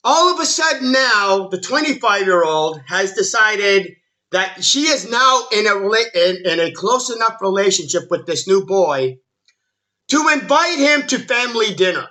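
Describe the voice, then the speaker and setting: A man's voice: sits high, sing-song, moderate pace, sharp tone. A man ranting through a movie review, exasperated and swearing, with many stammered restarts. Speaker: film reviewer.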